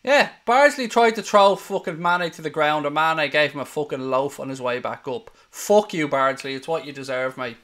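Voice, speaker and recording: Host: man, fairly high voice, fiery, profane match caller. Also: fairly bright tone. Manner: heated, sweary, rapid play-by-play. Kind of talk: live match watchalong commentary.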